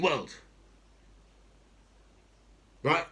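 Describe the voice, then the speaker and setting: A man's voice: mid-range voice, lively intonation, normal speed. A middle-aged man, talking off the cuff as a political commentator, swearing a lot and asking "right?" over and over. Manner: swears heavily, repeats "right?" and "do you know what I mean?", grows louder and angrier. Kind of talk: unscripted rant.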